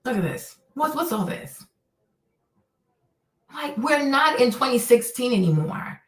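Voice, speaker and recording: A woman's voice: high-pitched, sing-song, unhurried, pauses often, recorded from a distance. A woman hosting a livestream, ranting casually with heavy profanity and exasperation. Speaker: streamer host. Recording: echoey room, voice a bit off-mic.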